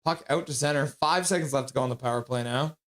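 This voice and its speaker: A man streaming live hockey play-by-play, excitable and blunt, chatting casually with his viewers between plays. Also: medium pitch, quick pace. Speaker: streamer doing fan play-by-play.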